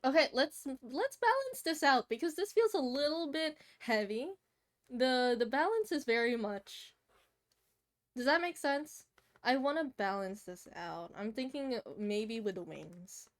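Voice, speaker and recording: A young woman streamer with a slightly high, faintly nasal voice. She chats loosely with her viewers as she draws, laughing often and answering them off the cuff. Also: animated, measured pace. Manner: chatty, laughs often, answers chat while drawing. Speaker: streamer drawing a commission. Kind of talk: casual live-stream chat.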